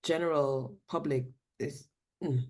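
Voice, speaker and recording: A woman's voice: deep voice, slow. A woman from South Africa, a dance podcast guest, telling stories in casual chat and acting out quotes. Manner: animated storytelling with acted quotes.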